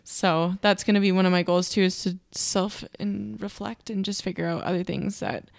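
A woman's voice: medium pitch, level tone, normal speed, vocal fry, no room sound. A young woman chats casually as a podcast co-host, with an easy mid-range voice. She laughs often and drops the odd swear word. The sound is close and dry. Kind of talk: casual chat.

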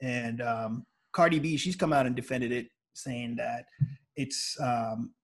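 A man's voice: medium pitch, steady tone, a little slow. A man hosting a podcast in laid-back casual chat, filling his talk with "like" and "you know" and laughing often. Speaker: podcast host.

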